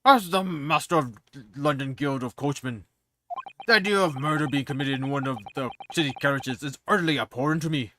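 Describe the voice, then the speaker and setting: A man voicing a blustering master coachman, loud and bombastic, trying a Scottish accent. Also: medium pitch, noisy background, lightly acted. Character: blustering middle-aged master coachman juror. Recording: game music behind.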